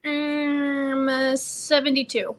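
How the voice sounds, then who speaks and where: A young woman co-hosting a podcast, telling stories in a gushy, animated way and leaning on "like" and "literally.". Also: high-pitched, very slow, a little hiss or hum. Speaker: podcast co-host. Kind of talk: casual chat.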